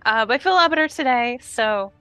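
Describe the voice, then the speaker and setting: A woman's voice: a little high, animated, fast, a bit bright, clean tone, no room sound, soft background music. A woman co-hosting a podcast in casual chat, easygoing and laughing often. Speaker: podcast co-host and editor.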